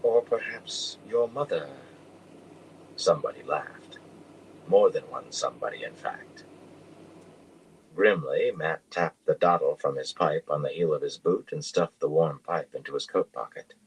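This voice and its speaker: A man reading a fantasy novel aloud in a steady, measured way. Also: rumbling low, slight background noise, rough recording. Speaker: audiobook reader.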